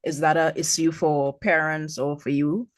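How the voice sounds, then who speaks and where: A woman with a Caribbean accent hosting an interview, asking slow, careful questions and giving frequent soft backchannels. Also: low voice, little pitch movement, no echo. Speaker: podcast host. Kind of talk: casual interview.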